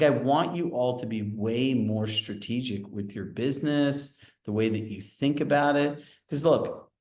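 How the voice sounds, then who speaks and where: A man coaching sales agents at a training session, animated, telling stories and asking the audience questions. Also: medium pitch. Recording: roomy echo.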